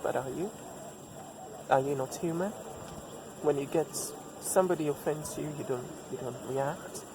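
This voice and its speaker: A man's voice: on the high side, normal speed, pauses often. A man giving relationship advice in a reflective personal monologue, repeating himself for emphasis and asking rhetorical questions. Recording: steady background noise.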